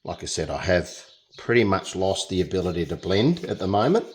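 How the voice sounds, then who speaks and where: Deep-voiced and very animated, a young Australian man speaks fairly quickly while demonstrating a painting. The tutor is casual and chatty, joking as he works and rarely stops talking.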